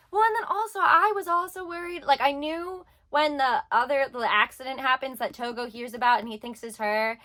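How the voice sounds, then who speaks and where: A woman's voice: sits high, pushed and bright. A young woman reviewing a manga in casual chat, rambling with lots of filler words and getting emotional.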